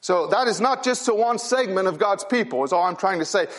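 Earnest preacher man, fairly high voice. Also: expressive, a little fast, a bit bright. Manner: earnest, repeats key phrases for emphasis. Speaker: pastor. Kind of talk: sermon to a youth conference.

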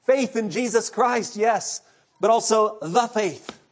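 A man preaching an evening sermon, earnest, moving between hushed, quiet passages and impassioned outbursts. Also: high-pitched, slow.

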